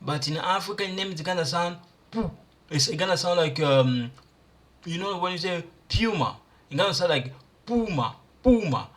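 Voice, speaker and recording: A man teaching pronunciation, repeating syllables and words slowly for learners. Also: sits high, animated. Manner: slow, repeats sounds and words aloud for learners. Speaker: language teacher. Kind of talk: pronunciation lesson.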